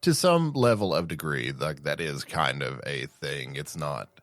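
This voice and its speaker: Deep-voiced man in blunt casual chat. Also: lively intonation, measured pace, fairly bright tone, no echo, studio quality. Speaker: podcast co-host.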